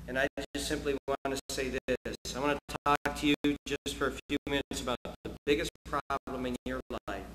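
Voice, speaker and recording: Slow, emphatic male preacher. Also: mid-range voice, reverberant, poor audio. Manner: emphatic, repetitive, builds to loud declarations. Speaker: pastor. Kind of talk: sermon.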